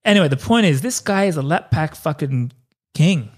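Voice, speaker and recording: A man's voice: fairly high pitch, lively intonation, normal speed. A man, co-hosting a podcast and telling stories casually, with swearing and asides. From Australia. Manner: loose storytelling with swearing and asides. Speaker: podcast co-host. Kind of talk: casual chat.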